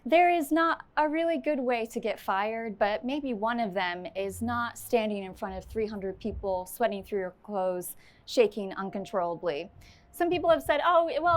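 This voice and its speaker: A woman's voice: mid-range voice, animated, normal speed. A woman speaking on stage to a live audience, telling a personal story with candid, self-deprecating humor and then answering questions.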